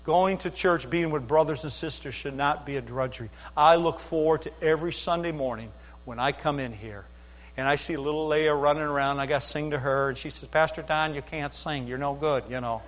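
Middle-aged man, pastor, folksy sermon, a touch high-pitched, hall reverb. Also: brisk. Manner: folksy storytelling with asides. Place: church sanctuary.

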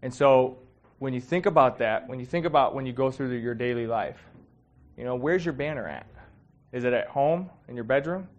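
A man's voice: medium pitch, moderate pace, dull audio. A man giving a casual, heartfelt sermon, talking conversationally with many fillers and getting emotional. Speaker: preacher.

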